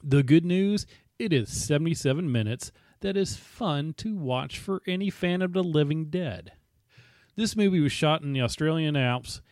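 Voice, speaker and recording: A man's voice: a little high, a little mellow, no room sound. A man casually reviewing a movie for his podcast, chatty and conversational.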